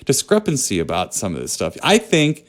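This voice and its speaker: A man's voice: mid-range voice, huge pitch swings, brisk. A man co-hosting a podcast, chatting about movies in a joking, rambling way. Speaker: podcast co-host. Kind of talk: casual movie chat.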